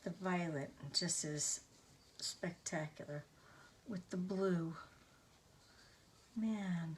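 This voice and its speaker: Woman, craft tutorial host, slow unhurried talk, effusive, lowish voice. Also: a little hiss or hum. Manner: effusive, gushing over her work with soft exclamations. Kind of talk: casual craft tutorial chat.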